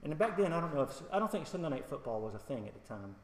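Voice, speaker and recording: A man's voice: fairly high pitch, big pitch swings, fast talker, darkish tone. A middle-aged male pastor giving a conversational sermon with humor, personal stories and questions to the congregation. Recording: echoey hall.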